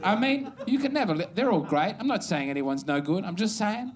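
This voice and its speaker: Aussie guy doing stand-up, dry self-deprecating bits, kinda high voice, live stage mic. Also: lively intonation, a little fast. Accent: Australian. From Adelaide, Australia. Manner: wry, self-deprecating, building to mock outrage. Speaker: stand-up comedian. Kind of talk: stand-up comedy set. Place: live comedy club stage.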